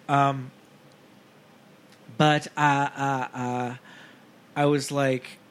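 A man's voice: medium pitch, little pitch movement, takes it slowly, pauses often. A man co-hosting a podcast in casual chat, giggly and chatty with lots of fillers. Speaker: podcast co-host.

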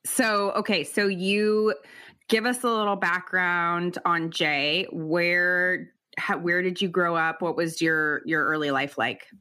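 A woman interviewer with a low-pitched but sharp, bright tone. She chats loosely, laughs a lot and lets her sentences trail off. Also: fairly even intonation, slow, clean tone. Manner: chatty, laughs often, trails off mid-sentence. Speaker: podcast host. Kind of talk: casual interview chat.

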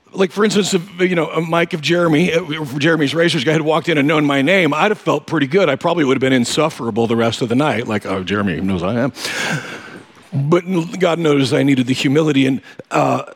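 A man preaching with a somewhat high voice that sounds loose and conversational rather than formal. He tells his story with self-deprecating humor and checks in with the listeners often. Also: a little fast, breathy edge. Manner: asks listeners directly. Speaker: pastor. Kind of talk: conversational sermon.

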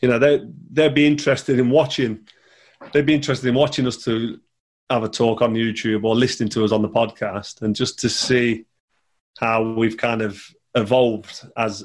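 A man, chatting casually over a call, rambling and repeating words. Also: lowish voice. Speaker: podcast guest, former boxer. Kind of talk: casual chat.

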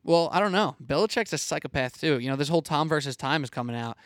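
A man's voice: fairly high pitch, lively intonation, fast, dry recording, clean studio sound. A young man hosting a sports talk show, chatting casually, laughing easily and drawing out his words.

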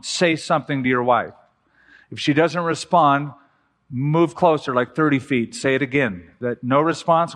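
A middle-aged man preaching a sermon as a pastor, telling stories with slow, emphatic pauses. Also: medium pitch, fairly bright tone. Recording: long hall reverb with faint music.

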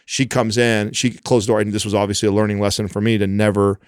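A man in his thirties, a podcast co-host, telling a story in a loose, animated way with many fillers and laughs. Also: lowish voice, fast talker, clean tone, no room sound, studio quality. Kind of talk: casual storytelling chat. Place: home studio, remote call.

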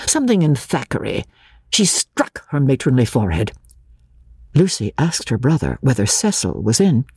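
Low, husky woman reading a classic novel. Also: normal speed, dry recording, studio quality. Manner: expressive, gives each character a voice. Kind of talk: dramatic audiobook reading.

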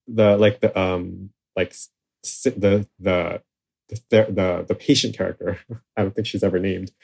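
A man's voice: low-pitched, gravelly, breathy edge. A man talking casually as a translator in an interview, rambling, with many fillers and restarts. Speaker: literary translator.

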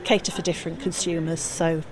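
A woman's voice: sits low, little pitch movement, crowd noise. A woman speaking for a campaign group, answering interview questions firmly and setting the record straight, recorded outdoors. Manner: firm, quick to correct.

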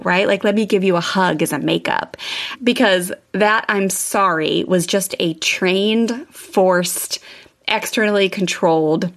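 A middle-aged woman hosting a parenting show, telling stories in a chatty, animated way with lots of fillers. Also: medium pitch, normal speed. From California, US. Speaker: podcast host, parenting coach. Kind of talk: casual monologue with anecdotes.

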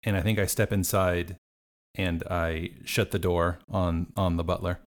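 Player, man, somewhat low voice, chatty and thinking aloud. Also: flat delivery, measured pace. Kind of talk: casual tabletop game play.

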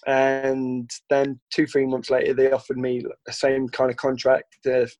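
A man's voice: mid-range voice, monotone, measured pace, darkish tone, no room sound, lo-fi sound. A British man from the UK, a guest telling long, rambling anecdotes in a casual chat, often acting out the lines people said to him. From United Kingdom. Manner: rambling, anecdotal, acts out quoted dialogue.

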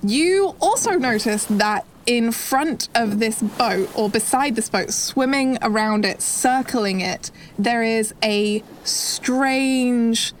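A woman's voice: fairly high pitch, slow, few pauses, a little hiss or hum. A woman narrating a tabletop game as game master, descriptive and rambling with lots of "kind of" and "like".

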